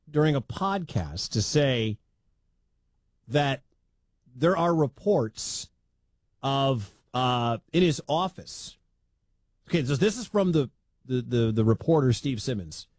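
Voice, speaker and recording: A man's voice: mid-range voice, no echo. A man from the American Midwest hosting a sports talk radio show, rambling and laughing as he comments. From Midwestern United States. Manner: animated, rambling, laughs at the story.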